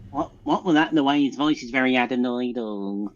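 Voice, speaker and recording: This is a man hosting a loose online chat, blunt and rambling, who keeps tripping over his own sentences. He sits at a middling pitch, and the call audio is a bit muffled and dull. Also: brisk. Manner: rambling, self-interrupting, blunt. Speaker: show host. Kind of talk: casual group chat on a live stream.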